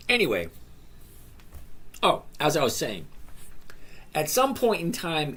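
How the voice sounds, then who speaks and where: A man's voice: mid-range voice, fairly bright tone, a little hiss or hum. A man in his sixties hosting a casual live stream, reading viewer questions aloud and answering each by name in a rambling, chatty way. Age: 60s.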